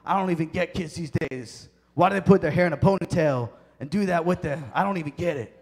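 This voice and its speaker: A man's voice: a little high, brisk, creaky, darkish tone. A man voicing a cranky old man who complains about young people. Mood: grumbling. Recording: long hall reverb.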